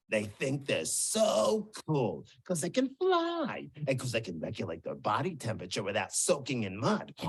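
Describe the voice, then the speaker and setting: Cartoon pig, boastful and mocking, wildly swooping pitch, slow drawl, husky edge. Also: male voice, exaggerated voice. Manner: mocking, swaggering taunts. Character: boastful male cartoon pig taunting birds.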